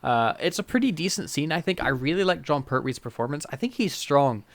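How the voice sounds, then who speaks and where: A man's voice: on the high side, big pitch swings, brisk. A man co-hosting a podcast, chatting casually with frequent laughs while recapping a TV episode. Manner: chatty, laughs often, many fillers. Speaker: podcast co-host.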